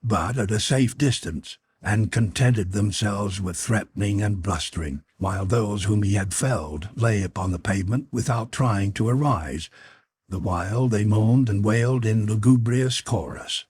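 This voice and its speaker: A man reading an adventure novel aloud as an audiobook narrator, in a measured, dramatic way. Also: lowish voice, a little mellow, breathy edge, no echo. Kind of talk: scripted narration.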